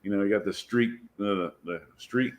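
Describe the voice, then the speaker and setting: A man's voice: lowish voice, normal speed. Self-mocking man telling a race-car story. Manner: self-deprecating, laughing, swears freely. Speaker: drag racer and car owner, guest. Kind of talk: casual storytelling.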